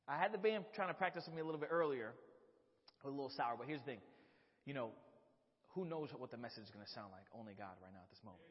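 A man filling in as preacher in a church, praying and joking with the congregation in a chatty, easygoing way that swells into loud excitement. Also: mid-range voice, fairly quick, long pauses, breathy edge. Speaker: fill-in preacher. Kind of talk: informal sermon with prayer. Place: church sanctuary. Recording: dull echoey church hall recording.

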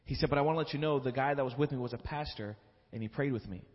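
A man's voice: medium pitch, rapid-fire. Earnest guy at church telling a story then praying, big hall echo, kinda dull sound. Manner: earnest, storytelling, emotional at times. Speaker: church speaker at offering time. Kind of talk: sermon testimony and prayer.

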